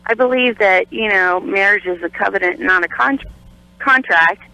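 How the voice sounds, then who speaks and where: A woman calling in to a radio show with the hiccups, talking in an apologetic, halting way full of restarts. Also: mid-range voice, vocal fry, bright, forceful tone, no room sound. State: has the hiccups. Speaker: caller. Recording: tinny phone line.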